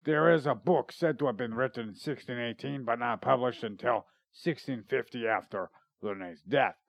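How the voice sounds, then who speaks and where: Studio-quality and echo-free, the recording carries a medium-pitched man with vocal fry speaking at normal speed. The podcast host keeps the comedy chat casual and rambling, cracking jokes and at times reading his research notes aloud.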